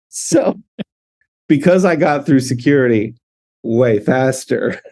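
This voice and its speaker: A man's voice: medium pitch, slow pace. Laughing male podcast host telling stories. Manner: animated, laughs often, acts out dialogue. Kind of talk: casual storytelling chat.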